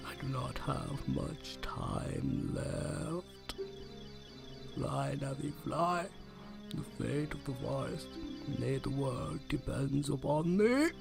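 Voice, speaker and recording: A man's voice: mid-range voice, slow pace, creaky, music in the background. A man voicing an ancient, solemn male tree spirit in an old-man voice with archaic speech. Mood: urgent.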